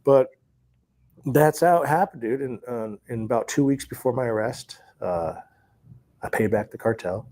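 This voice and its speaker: A man telling his life story in an interview, animated and profane, often laughing as he talks. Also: mid-range voice, normal speed, slight background noise.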